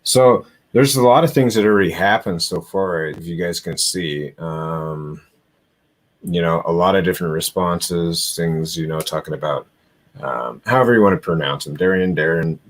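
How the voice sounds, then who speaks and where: Low-voiced man rambling on a livestream. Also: normal speed. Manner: rambling, easygoing, heavy on fillers; chatty, thanks viewers by name. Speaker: paranormal livestream host. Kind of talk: casual livestream chat. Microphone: computer microphone on a live stream.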